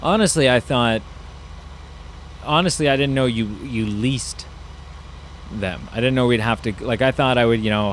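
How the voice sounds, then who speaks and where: A man's voice: medium pitch, normal speed, long pauses, a little hiss or hum. Rambling man doing game commentary. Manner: rambling, musing asides with many fillers. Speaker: gaming YouTuber. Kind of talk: casual gameplay commentary.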